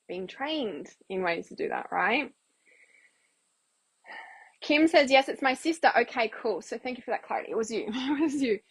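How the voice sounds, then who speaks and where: A woman hosting a casual livestream Q&A as an intuitive healer, chatting loosely and acting out little quoted exchanges. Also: fairly high pitch.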